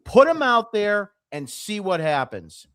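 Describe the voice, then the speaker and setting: Male podcast co-host, animated blunt arguing, dry close sound. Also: high-pitched, a little slow, dry recording. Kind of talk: sports podcast discussion.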